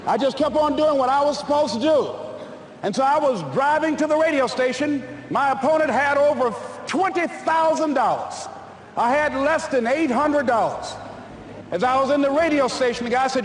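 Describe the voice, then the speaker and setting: A man's voice: extremely high pitch, animated, normal speed, slight background noise. A man giving a motivational speech to a live audience, telling stories emphatically with humorous asides, recorded in an echoey hall. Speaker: motivational speaker.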